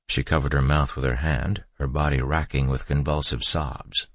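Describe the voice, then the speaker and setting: A male narrator reads a first-person horror audiobook with a strikingly deep, low voice. His delivery is steady and measured, recorded close and dry with no room sound. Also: no echo.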